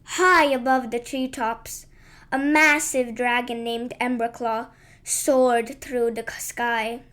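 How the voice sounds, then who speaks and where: A woman narrating a children's bedtime story in a gentle, lilting and unhurried way. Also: a little high, fairly even intonation.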